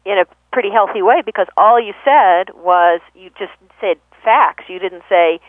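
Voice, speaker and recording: A woman guest explaining communication in a thoughtful, conversational way, pausing often with fillers and self-corrections. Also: medium pitch, no room sound. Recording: tinny phone-line radio audio.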